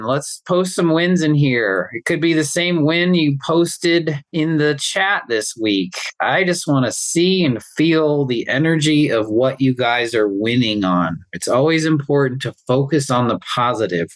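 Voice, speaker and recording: A male pharmacist host leading a group through a calm guided breathing meditation on a video call, in slow, soothing instructions. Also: on the high side, no echo, low-quality recording.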